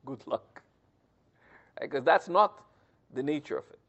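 Lively male teacher on a dull recording. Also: a little high, measured pace. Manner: explanatory, often checks in with "right?". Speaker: religious teacher. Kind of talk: scripture commentary lesson.

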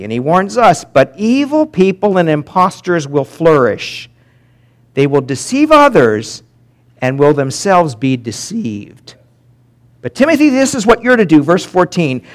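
A man preaching a sermon as pastor, swinging from loud emphatic peaks to quiet drops and slowing down to read scripture aloud. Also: on the high side. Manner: animated preaching, rising and dropping sharply for emphasis.

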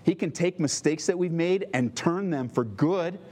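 A man's voice: a little high, normal speed, darkish tone. A male pastor giving a conversational sermon, often asking the congregation questions. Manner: conversational, asks the listeners questions.

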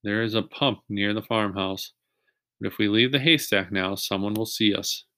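A man reading as a calm, responsible older boy. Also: on the low side, moderate pace, no echo, studio quality. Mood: steady.

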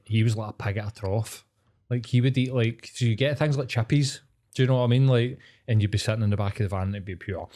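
A man's voice: lowish voice, warm tone. A young man telling stories in casual, sweary podcast banter. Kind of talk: casual chat.

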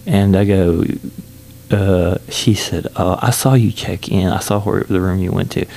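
A man telling a rambling, amused story about a trip in a casual vlog, with lots of fillers and restarts, sometimes dropping into a hushed whisper. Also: sits low, unhurried. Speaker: solo traveler telling a story.

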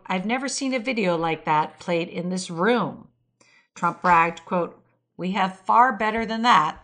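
A podcast host presents a weekly political news show, reading quotes aloud and adding brief asides with fillers as read-aloud commentary. Her voice is fairly low with a fairly bright tone.

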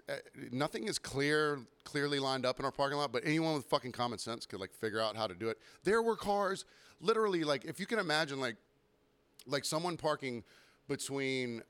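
Brief: young male podcast host, mid pitch, smooth tone, profane and self-mocking, slightly under the weather. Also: fairly bright tone. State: recovering from illness, throat clearing. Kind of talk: casual storytelling monologue.

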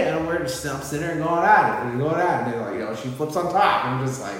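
Man in his thirties, animated storyteller, mid pitch, roomy echo. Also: fast, hardly any pauses, distant mic. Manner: animated storytelling, mimics voices. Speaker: podcast co-host. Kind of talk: casual chat. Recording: echoey room.

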